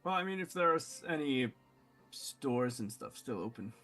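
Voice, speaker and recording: A man role-plays his character at a tabletop game, pausing and thinking aloud as he goes. His pitch moves around a lot. Faint music plays behind him. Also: animated, fairly bright tone. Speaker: player.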